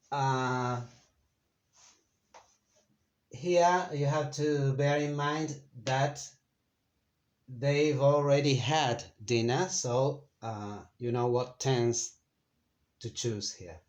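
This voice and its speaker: Slow-spoken male teacher. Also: mid-range voice. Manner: unhurried, thinking aloud with many fillers and self-corrections. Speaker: Spanish teacher. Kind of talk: explaining a lesson, casual.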